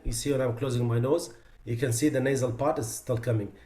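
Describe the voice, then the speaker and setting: A man teaching a tajweed lesson, his voice sitting at an ordinary middle pitch. He explains each mistake in plain speech, then stretches out example words slowly and with emphasis to show the difference. The room around him is echoey and reverberant. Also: fairly even intonation, mellow. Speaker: Quran recitation teacher.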